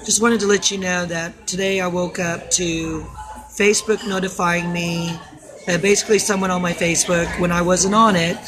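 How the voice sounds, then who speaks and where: A woman's voice: lowish voice, fairly even intonation, moderate pace, background noise. A woman vlogging into her phone, tired and rambling, with nervous laughs breaking in. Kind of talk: casual phone vlog.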